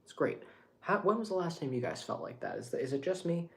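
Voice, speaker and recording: A young man vlogging in a casual monologue, rambling and animated and swearing freely. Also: fairly high pitch, fast talker.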